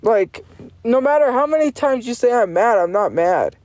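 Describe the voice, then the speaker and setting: A woman's voice: a little high, lively intonation, normal speed, a little mellow, no echo. A woman livestreamer ranting at her chat in a profane, insistent and defiant way, repeating her points over and over.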